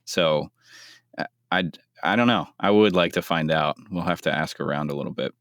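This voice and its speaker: A man's voice: deep voice, normal speed, fairly bright tone, no echo, studio quality. A man co-hosting a podcast, talking casually in a rambling, hedging way. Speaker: podcast co-host. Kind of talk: casual chat.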